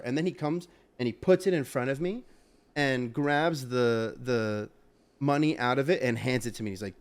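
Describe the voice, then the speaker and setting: A young man co-hosting a casual podcast chat, telling a story with animated, loud bursts. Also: mid-range voice, normal speed. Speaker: podcast co-host.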